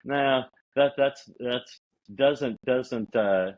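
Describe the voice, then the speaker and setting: A man's voice: mid-range voice, extremely slow. A man co-hosting a podcast, chatting casually about sales and acting out bits of sales dialogue. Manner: conversational, acts out sales dialogue. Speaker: podcast co-host. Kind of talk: casual sales-advice chat. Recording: dull lo-fi audio.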